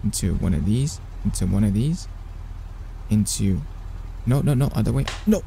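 A young male streamer with a lowish, gravelly voice narrates his gameplay live at a normal speed. Excitable and flustered, he talks to himself and keeps repeating words. There's a little hiss or hum in the recording.

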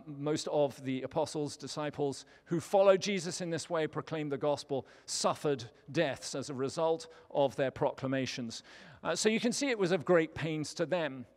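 A man preaching a sermon, telling stories with light humor, recorded in a church sanctuary. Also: fairly high pitch. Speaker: pastor. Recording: church hall reverb.

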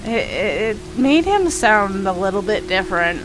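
A woman's voice: mid-range voice, moderate pace, over music, low-quality recording. A woman streaming a game live, chatting with viewers and yelping panicked no's. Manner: animated, chatty, yelps panicked repeated no's. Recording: steady rain noise behind the voice.

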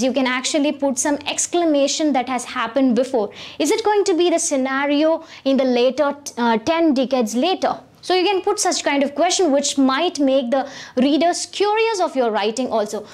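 High-voiced woman teaching online. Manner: earnest, repetitive teaching patter with rhetorical questions. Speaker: online science educator. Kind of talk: explanatory video lecture.

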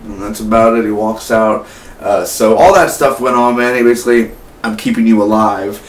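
An eighteen-year-old man giving a casual, rambling spoiler review of a film. He gets excited and keeps tossing in "man" and "like". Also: mid-range voice, fairly quick. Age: late teens. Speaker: movie reviewer. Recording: echoey room, mic at a distance, faint hum.

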